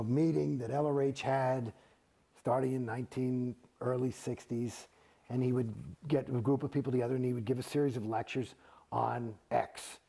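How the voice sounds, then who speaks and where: A middle-aged man, an actor, telling his own story in an interview, profane and animated, acting out the exchanges he describes. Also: medium pitch, vocal fry, breathy edge. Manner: profane, animated, gets heated and acts out quoted exchanges.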